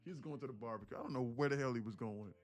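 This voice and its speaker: A man chatting loosely on a live trading stream, drifting through a long anecdote in easy slang. His voice sits at an ordinary middle pitch, and faint music plays behind him. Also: racing. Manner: slangy, rambling storyteller. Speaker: day trader and livestream host. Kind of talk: casual livestream chat.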